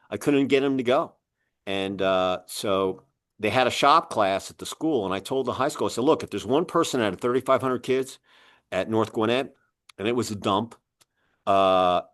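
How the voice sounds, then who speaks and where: A middle-aged American man telling long coaching stories in a casual interview, full of fillers and restarts. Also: fairly low pitch. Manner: rambling, many fillers and restarts, lively quoting of others. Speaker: guest, coach.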